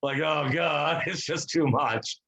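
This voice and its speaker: A man's voice: fairly high pitch, slow, sharp tone, husky, poor audio. A young man co-hosting a podcast, telling rambling stories in casual chat, swearing freely and acting out quotes. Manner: rambling storyteller, swears a lot, acts out quotes. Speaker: podcast co-host.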